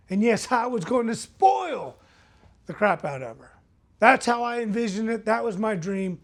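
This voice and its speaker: A man's voice: very high-pitched, normal speed, creaky. A man speaking as a motivational speaker, telling a personal story earnestly and asking the audience direct questions.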